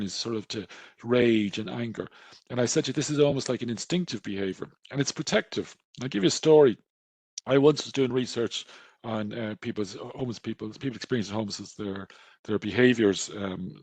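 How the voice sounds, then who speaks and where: Gravelly Irish man telling stories. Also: medium pitch, no room sound. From Ireland. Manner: conversational storytelling, acts out quoted dialogue. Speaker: GP presenting a webinar. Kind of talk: webinar lecture with anecdotes.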